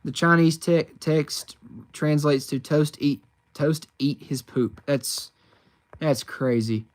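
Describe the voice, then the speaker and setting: A man from the United States streams from his phone, speaking slowly in a slightly high voice. He reads chat questions aloud and answers them in a chatty, rambling way with lots of fillers.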